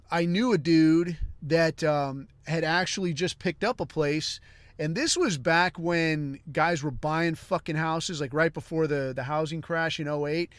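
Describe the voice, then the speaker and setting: A man hosting a podcast, telling a long comic story in a rambling, crude way with deadpan asides. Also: fairly high pitch, no room sound. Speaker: podcast host.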